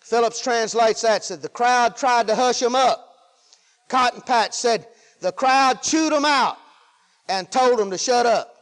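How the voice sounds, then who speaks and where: A man preaching a fervent sermon, swinging between loud exclamations of praise and low, quieter asides. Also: unhurried. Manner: fervent, rising and falling with hallelujahs.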